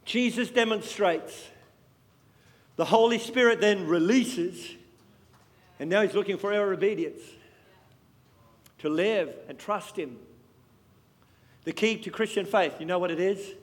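A man preaching a sermon with passion, swinging between loud and hushed. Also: high-pitched, unhurried, pauses often. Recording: long hall reverb.

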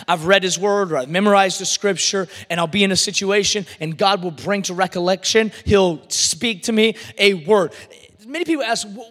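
A man preaching with a very high, bright and forceful voice. He surges into shouts and then drops almost to a whisper. His words ring out with the long reverb of a big church hall. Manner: animated preaching, swinging from shouts to near-whispers. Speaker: pastor. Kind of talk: sermon. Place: church service.

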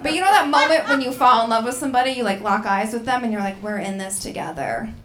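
Brash bright-voiced woman comic. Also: fairly high pitch, racing, roomy sound, a little hiss or hum. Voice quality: brash, self-mocking, loud bursts. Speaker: stand-up comic and emcee. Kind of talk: stand-up comedy set. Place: comedy bar stage.

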